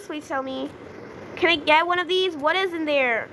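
A young woman chatting through a video game as she plays it, easily flustered, with gasps and excited outbursts. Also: sits high, normal speed, slight background noise, rough recording. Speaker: gaming YouTuber. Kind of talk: casual gameplay commentary.

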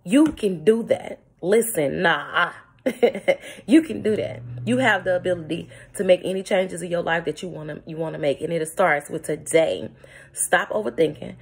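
A woman's voice: lowish voice, normal speed, vocal fry, slightly rough. A woman giving an emphatic, preachy motivational morning talk, laughing often as she speaks. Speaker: vlogger. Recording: phone-recorded vlog.

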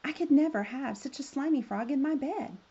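Snooty bratty princess done by a woman, snaps at everyone, kinda husky. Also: normal speed, dark tone, muffled recording. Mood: snappish. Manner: snappish, high and indignant. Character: spoiled haughty young princess, rude and disgusted.

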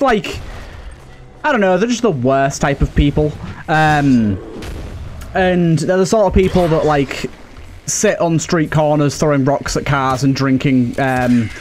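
A man's voice: a little high, animated, slow, pauses often, soft background music. A young British man narrating a game while rambling through a funny story, chuckling often, with many fillers and some swearing. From United Kingdom. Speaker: let's play host. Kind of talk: casual gameplay commentary and storytelling.

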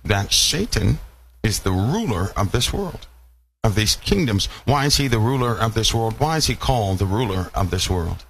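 A man delivers a sermon in a low voice, pressing his listeners with question after question and saying key phrases again and again. Faint noise sits under the recording. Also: expressive, moderate pace, gravelly, a bit bright. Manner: rhetorical questions to the congregation, repeating phrases. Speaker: preacher.

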